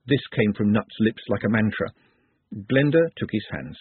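Husky man reading an audiobook. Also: on the low side, very animated, moderate pace, no room sound. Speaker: narrator. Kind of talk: audiobook narration. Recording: tinny phone-like dry audio.

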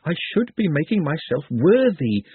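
A man's voice: fairly high pitch, sing-song, normal speed, breathy edge, dry recording, pitched above the performer's own voice, full character voice. A man voicing an odd, polite young man who speaks formally and precisely, like a mantra. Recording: tinny phone-like dry audio.

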